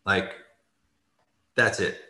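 Rambling, bright-voiced middle-aged man on an echoey call. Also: extremely slow. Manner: rambling, says "like" often, laughs while telling. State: tearful at moments. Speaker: interview guest, former ice hockey player. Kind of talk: casual interview storytelling. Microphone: video call.

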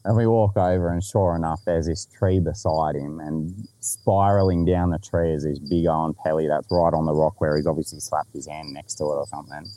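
A man's voice: a bass voice, fairly even intonation, brisk, hardly any pauses, mellow, slight background noise. A man with an Australian accent telling a story in casual podcast chat, laid-back, swearing freely and laughing along.

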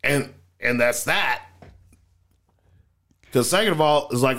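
Animated, profane man telling stories. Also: mid-range voice, slow pace, pauses often. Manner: profane, animated storytelling with acted-out quotes. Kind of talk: casual chat.

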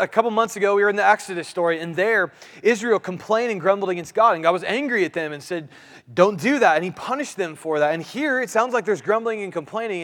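A man's voice: sits high, a bit bright, in a large hall. A man preaching a sermon as pastor, earnest, often repeating his words, his voice rising and dropping with emphasis. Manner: earnest preaching, repeats phrases, voice rises and drops.

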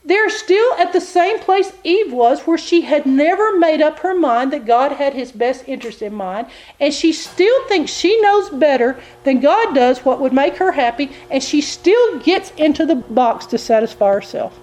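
A woman preaching a sermon, telling a personal story in an animated, folksy way. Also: measured pace, few pauses. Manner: animated, folksy storytelling, jumps into high voices for quoted people.

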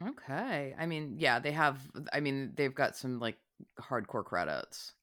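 A woman co-hosting a casual chat, asking curious questions with halting restarts. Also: rumbling low, animated, a bit bright. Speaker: co-host.

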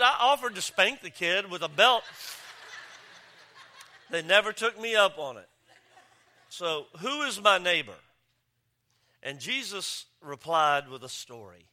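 A man preaching a sermon as pastor, joking and telling stories with lively delivery. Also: sits high, measured pace, long pauses. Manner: joking, animated storytelling with voices. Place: church campus.

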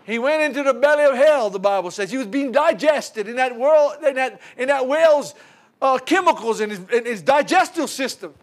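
A man's voice: very high voice, fairly quick. A man preaching a sermon, retelling a Bible story with laughter, stumbles and repeated words. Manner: animated storytelling with laughs and repetitions.

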